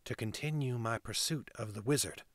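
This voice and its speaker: A guarded young woman traveler, choosing each reply carefully and earnestly, as a man reads her out. The voice is an ordinary male pitch, only slightly lifted, and recorded dry and close. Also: dry recording, close to an everyday voice. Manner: careful, earnest, measured replies.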